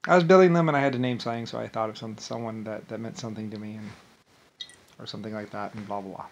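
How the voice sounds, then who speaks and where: A man's voice: on the low side, fairly even intonation, very fast, gravelly, slight background noise. Angry ranting man, profane and repetitive. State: agitated and angry. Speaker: vlogger. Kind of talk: angry rambling monologue.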